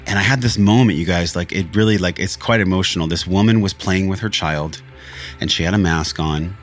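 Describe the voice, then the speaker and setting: A podcast host with a low-pitched voice speaks briskly in a candid, reflective monologue about his spiritual journey. He talks earnestly and swears often, with faint music playing behind him.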